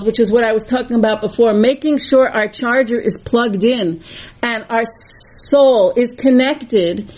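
A woman's voice: fairly high pitch, a little mellow, rough recording. A woman teaching a Torah class, speaking earnestly and bluntly and repeating phrases for emphasis. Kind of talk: religious class talk.

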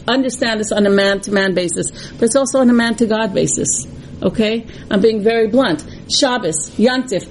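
A woman's voice: a little high, darkish tone, a little hiss or hum, poor audio. A woman teaching a Torah class, speaking earnestly and bluntly and repeating phrases for emphasis. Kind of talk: religious class talk.

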